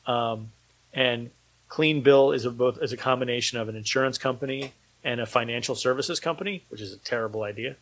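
A man's voice: mid-range voice, fairly quick, a bit bright, low-quality recording. A man speaking as an independent filmmaker guest in a casual podcast conversation, rambling with many fillers and a dry, sarcastic humor.

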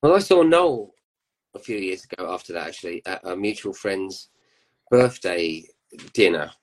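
Low-voiced man telling stories. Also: animated, moderate pace, low-quality recording. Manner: chatty storyteller, laughs often. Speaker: guest musician. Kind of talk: casual chat.

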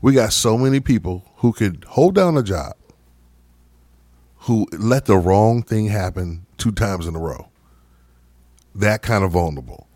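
A man's voice: on the low side, a little slow, pauses often, dry recording. A man co-hosting a podcast in casual chat, telling stories and checking in with "right?". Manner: storytelling, animated, repeats "right?". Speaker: podcast co-host.

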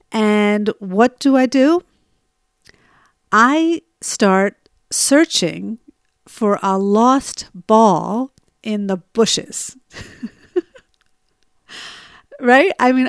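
Woman in middle age telling a personal story, chatty and self-mocking, slightly high pitch, dry recording. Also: dry recording. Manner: conversational, asks listeners "right?", laughs at herself. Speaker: storyteller sharing personal stories.

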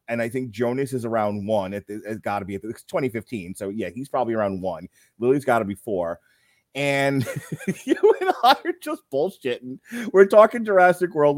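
A man's voice: mid-range voice, darkish tone, no echo. A middle-aged man hosting a podcast, telling stories in loose, rambling casual chat. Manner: loose, rambling storytelling, laughs a lot. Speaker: podcast host.

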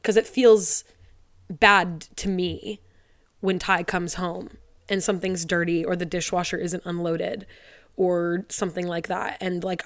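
A young woman hosting a solo podcast from her living room, talking close into a mic. She rambles and fills her speech with "like", and she is tearful. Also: lowish voice. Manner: rambling, heavy use of "like", tearful and laughing. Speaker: podcast host. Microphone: studio mic, close.

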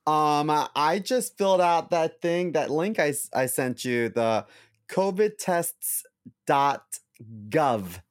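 A man's voice: a little high, expressive, takes it slowly, smooth. Laid-back male podcast co-host. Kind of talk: casual chat.

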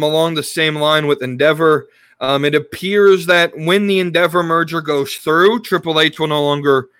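Bright-voiced man rambling on a podcast. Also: fairly high pitch, clean tone, dry recording. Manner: rambling, many restarts and fillers. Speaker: podcast host. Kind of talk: casual wrestling podcast talk.

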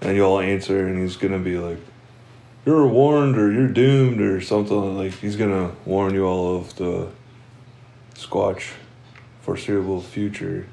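A man's voice: sits low, completely flat delivery, normal speed, creaky, mellow. A young man telling stories in casual chat, rambling, laughing often and swearing freely. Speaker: podcast co-host.

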